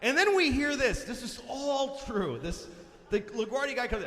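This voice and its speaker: A male stand-up comedian telling a story on stage, profane and exasperated, bursting into shouts. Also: very high-pitched, sing-song, moderate pace, in a large hall.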